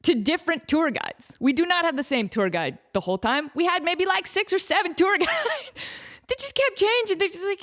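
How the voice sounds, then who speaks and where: A woman podcast host telling a comedic story, self-deprecating and acting out quotes in an animated way. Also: high voice, a little fast. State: out of breath.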